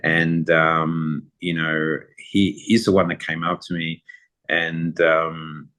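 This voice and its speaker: A middle-aged man, a photographer being interviewed, telling rambling, relaxed anecdotes in a casual conversation. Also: a bass voice, slow pace. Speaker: guest photographer.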